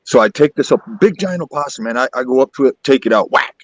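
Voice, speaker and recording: A man telling a rambling, animated story in a casual group voice call, acting out sounds. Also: mid-range voice, quick pace, no room sound, rough recording. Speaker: chat participant telling a story. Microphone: online voice call.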